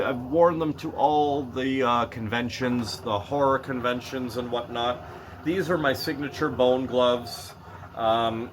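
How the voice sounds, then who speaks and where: A man's voice: mid-range voice, noisy background. A middle-aged man ranting in a blunt, profane way in a vlog, laughing at himself now and then. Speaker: vlogger.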